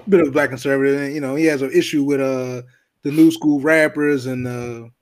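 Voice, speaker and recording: A man's voice: medium pitch, steady tone, a little fast. A man co-hosting a casual podcast, laid-back, with lots of fillers and joking asides. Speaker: podcast co-host.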